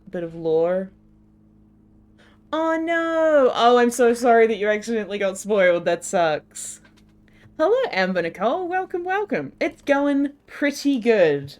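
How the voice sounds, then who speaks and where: A young New Zealand woman streams a game, chatting and giggling with her chat. Her medium-pitched voice is smooth, and her New Zealand accent slips toward American-sounding R's.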